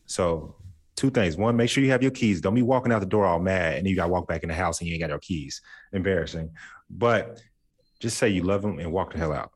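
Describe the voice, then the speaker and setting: A man's voice: deep voice, a little fast, husky. A man co-hosting a casual chat, playful and jokey, laughing as he imitates his friends. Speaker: podcast co-host.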